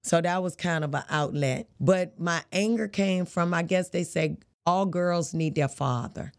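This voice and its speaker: A woman's voice: on the low side, measured pace. A woman, a boxer as guest, telling her life story frankly in casual, vernacular speech. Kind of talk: candid interview storytelling.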